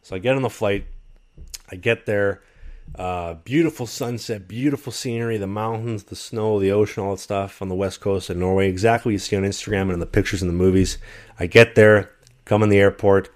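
Animated low-voiced man telling a story. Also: brisk. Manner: animated, acts out other people's lines. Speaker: guest telling a travel story. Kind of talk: casual storytelling.

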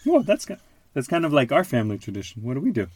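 A man hosting a podcast with his child, reading a picture book aloud in an animated, playful way. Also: medium pitch, quick pace, no room sound. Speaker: father and podcast host.

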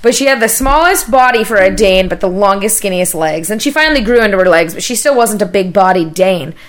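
A woman co-hosting a podcast, telling stories in casual chat, loud and laughing, swearing freely. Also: mid-range voice, lively intonation, fairly quick. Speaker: podcast co-host.

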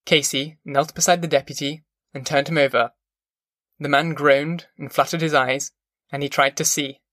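Male audiobook narrator, bright tone, dry close mic. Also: on the high side, dry recording. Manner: measured, even storytelling.

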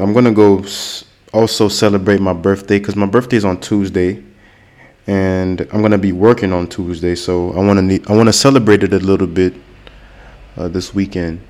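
A man with an American accent talks in a relaxed, chatty way, his voice sitting a little low. He goes slowly and repeats himself to make things clear for English learners. He comes from Florida. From Florida, United States. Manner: chatty, slow and repetitive to explain words. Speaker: host teaching English. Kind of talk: casual language-learning monologue.

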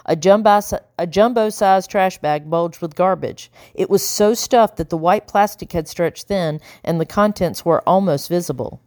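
A woman narrating a children's novel in an even, measured reading voice. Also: lowish voice, dry recording, studio quality. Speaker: audiobook narrator. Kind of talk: storybook narration.

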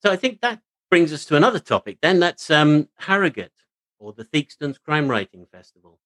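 A man's voice: on the high side, very animated, brisk, pushed and bright, dry recording, low-quality recording. A man co-hosting a casual book chat, friendly and hesitant, with many ums and restarts. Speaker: podcast co-host.

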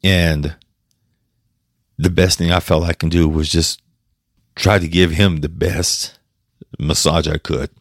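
A man with a deep, low voice talks on his own podcast, choked up and near tears. He stumbles, restarts and laughs through the emotion. The sound is dry and close, with no room echo. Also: flat delivery, slow, long pauses. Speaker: podcast host. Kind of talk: personal podcast monologue.

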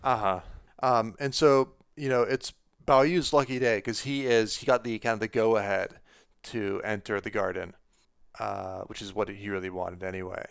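A man's voice: fairly low pitch, steady tone, moderate pace, creaky, clear, resonant tone, no room sound, studio quality. A man co-hosting a podcast, talking casually about a book with many fillers and restarts. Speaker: podcast co-host.

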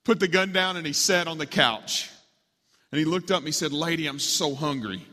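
A man's voice: fairly high pitch, a little fast, bright, forceful tone. A man preaching, telling a story dramatically as part of a sermon, in a large hall with long reverb.

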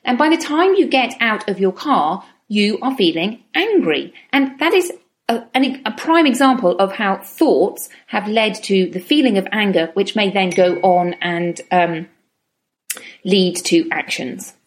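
A middle-aged woman giving a calm, reflective self-help talk and slowing down on key words. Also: mid-range voice.

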